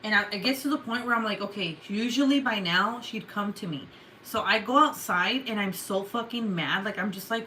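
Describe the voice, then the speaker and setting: Speaking at a normal speed over a faint hiss or hum, this young woman vlogger tells her viewers a story in a relaxed way. Her mid-range voice breaks into loud, animated outbursts, and she swears freely throughout.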